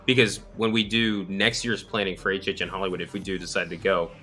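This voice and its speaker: Man, tired, deep voice, bright edge, rambling casual host chat. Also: level tone, quick pace, soft background music. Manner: rambling, filler-heavy. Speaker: channel host.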